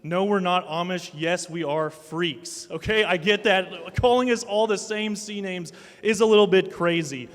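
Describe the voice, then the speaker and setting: A high-voiced man in his thirties preaches to students, spinning funny, self-mocking family stories into his message. His voice echoes through a large hall with long reverb, and a live audience is in the room. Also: measured pace, hardly any pauses. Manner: animated, self-mocking storyteller. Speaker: speaker at a student ministry night. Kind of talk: sermon with personal stories.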